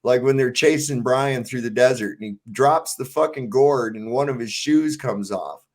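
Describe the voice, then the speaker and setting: A man hosting a casual chat, animated and swearing freely as he tells stories. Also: medium pitch, moderate pace. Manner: animated, acts out quotes in funny voices, swears freely.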